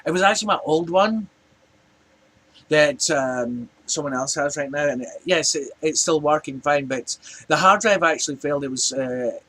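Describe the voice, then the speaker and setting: A man's voice: a little high, animated, moderate pace, sharp tone, breathy edge. A Scottish man in his forties ranting casually to camera, rambling and chatty with lots of restarts. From Scotland. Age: 40s. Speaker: vlogger. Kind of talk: casual rant.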